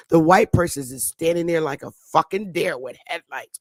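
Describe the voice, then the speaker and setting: A woman's voice: on the low side, expressive, moderate pace, no echo. A woman with a New York accent giving an emphatic, repetitive casual monologue with frequent swearing. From northern United States. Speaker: commentary host.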